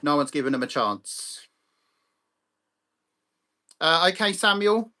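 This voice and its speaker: Blunt, sweary man with a bright voice. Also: on the high side, animated, slow pace. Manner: blunt, sweary, ranting, greets chat viewers by name. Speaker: livestream host. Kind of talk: live chat stream.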